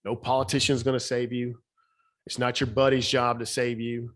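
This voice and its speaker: A man's voice: mid-range voice, little pitch movement, moderate pace, a bit bright. A middle-aged man with a Southern accent, a podcast guest giving emphatic motivational talk, his voice slightly shaky. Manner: emphatic, repeats key phrases. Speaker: podcast guest, speaker and author.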